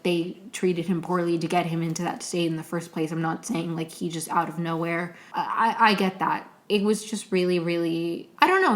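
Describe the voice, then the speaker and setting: A young woman hosting her own podcast, recapping a TV episode in a casual, emotional, rambling way with many restarts. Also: on the low side. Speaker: podcast host.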